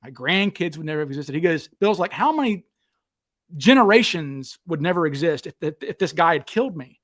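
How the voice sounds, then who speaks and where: A man with a high voice hosts a relaxed talk show. He tells stories eagerly and jumps into other people's voices when he quotes them. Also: a little fast. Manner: animated, acts out quotes with raised voice. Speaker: podcast host. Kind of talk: casual storytelling chat.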